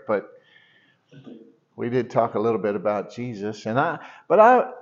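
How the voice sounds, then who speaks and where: A middle-aged male pastor speaks to his church in a loose, storytelling way, circling back with false starts and fillers. His voice sits at an ordinary pitch. The recording sounds dull and lo-fi. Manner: rambling storytelling, many restarts. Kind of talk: sermon.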